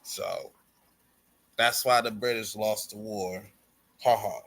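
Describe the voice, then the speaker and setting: A man's voice: fairly low pitch, steady tone, takes it slowly, gravelly, a bit bright. A man casually recapping a wrestling show on a podcast, storytelling with slang and acting out the wrestlers' lines. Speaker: podcast co-host.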